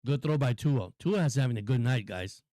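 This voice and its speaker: A man hosting a live stream and calling football play-by-play in an excitable, repetitive way, often addressing viewers. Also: medium pitch, a little fast, dry recording. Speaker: host and play-by-play caller.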